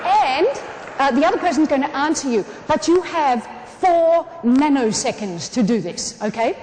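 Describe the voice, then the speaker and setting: Lively Australian woman on a hall stage. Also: high-pitched, normal speed. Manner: animated, humorous, talks straight to the audience. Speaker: keynote speaker. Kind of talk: motivational keynote speech. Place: large conference hall. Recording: echoey conference hall, some room noise.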